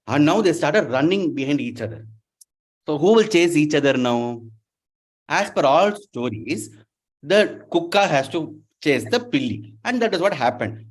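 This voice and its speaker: Speaking at a moderate, animated pace in a somewhat high voice, this man is a guest lecturer whose university talk is playful storytelling, full of questions for the students. Telugu is not his native language.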